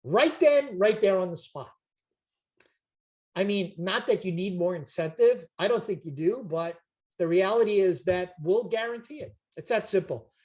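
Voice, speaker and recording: An older man, making an emphatic, repetitive, jokey sales pitch on a video call as a chiropractic seminar promoter. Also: moderate pace, darkish tone. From Brooklyn, New York.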